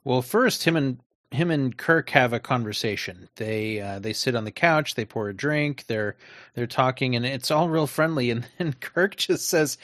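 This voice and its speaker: A man's voice: medium pitch, expressive, normal speed, fairly bright tone, no room sound. Sarcastic man in dry sound. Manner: sarcastic, laughs while talking. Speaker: podcast co-host. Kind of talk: casual discussion.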